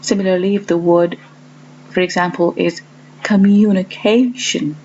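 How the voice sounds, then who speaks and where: A woman teaching a lesson, explaining step by step and slowly stressing each example word. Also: on the low side, fairly even intonation, darkish tone. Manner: slow and deliberate, stresses example words. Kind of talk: explaining to learners. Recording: dull lo-fi audio with faint hum.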